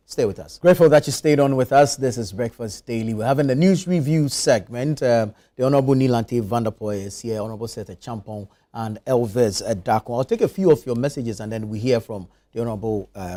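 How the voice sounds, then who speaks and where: Mellow-voiced male morning host. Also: mid-range voice. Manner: reads viewer messages, brief affirming murmurs. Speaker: news review host. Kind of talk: morning show panel moderation. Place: TV studio.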